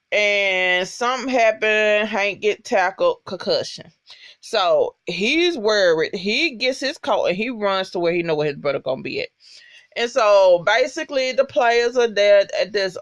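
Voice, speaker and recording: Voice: medium pitch, expressive, a little slow, fairly bright tone, dry recording. A vlogger recapping a TV episode in casual, profane, emphatic storytelling and talking straight to viewers. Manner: talks straight to viewers as "y'all".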